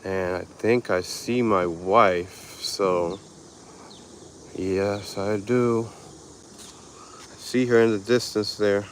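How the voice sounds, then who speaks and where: Low-voiced man live-streaming on a walk. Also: steady tone, drawn-out words, pauses often, a little hiss or hum. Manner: laid-back, chatty, talks to viewers and animals. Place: outdoor park path.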